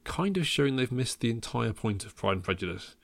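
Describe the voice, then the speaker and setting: A man's voice: medium pitch, expressive, fairly quick, gravelly, no room sound. A man hosting a casual film podcast, talking in a wry way with many ums and chuckles at his own jokes. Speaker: podcast host.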